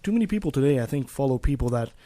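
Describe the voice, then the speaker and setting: A man's voice: medium pitch, very fast, no echo. A man hosting a radio show, talking casually with many "uh"s as he introduces segments. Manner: relaxed, many fillers and restarts.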